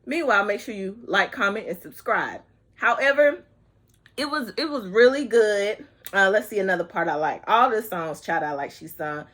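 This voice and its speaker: A woman giving a casual, chatty movie review to her viewers, sassy and expressive, stretching words and calling people honey and child. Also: medium pitch. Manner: sassy and expressive, drawn-out words, breaks into snatches of song; talks straight to viewers with terms like honey and child. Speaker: YouTube vlogger reviewing a movie.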